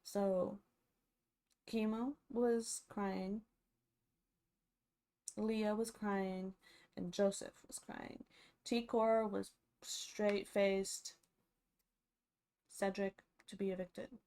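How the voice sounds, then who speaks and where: Young woman, casual TV recap vlogger. Slow, unhurried delivery, lots of fillers and restarts. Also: medium pitch, steady tone, warm tone.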